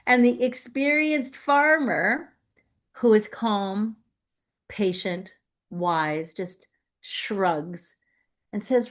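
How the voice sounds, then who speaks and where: A woman's voice: mid-range voice, very slow, long pauses. A woman giving a playful, emphatic inspirational sermon as a guest speaker, laughing often. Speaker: guest speaker at a spiritual center.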